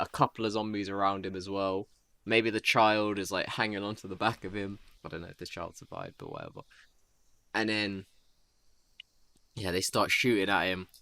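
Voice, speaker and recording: A man's voice: deep voice, sharp tone, dry recording. A man casually improvising a rambling story, slipping into character voices. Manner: rambling, laid-back, voices characters in quotes.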